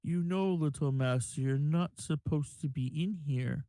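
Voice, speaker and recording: A man doing a monotone albino drow servant. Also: fairly high pitch, measured pace, no echo. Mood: flat stern. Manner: flat, stern, clipped.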